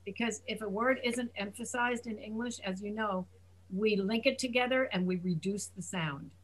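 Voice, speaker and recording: A woman's voice: medium pitch, moderate pace, breathy edge, low-quality recording. A woman teaching English pronunciation in an online class, patiently repeating and demonstrating sounds. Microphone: video call.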